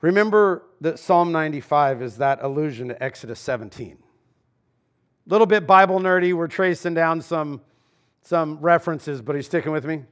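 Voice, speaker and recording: Man, pastor's sermon, raised-pitch voice, conversational preaching, sudden loud and quiet turns. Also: moderate pace. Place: church sanctuary.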